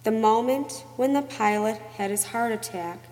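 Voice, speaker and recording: A woman reading a novel aloud as narrator, in a measured, expressive storytelling manner. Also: fairly high pitch. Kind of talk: audiobook narration. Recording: long reverb.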